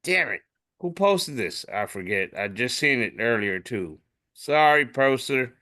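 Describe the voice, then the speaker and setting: A man hosting a podcast, casually describing memes and jumping into animated voices for the captions. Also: medium pitch, a little slow. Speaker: podcast host.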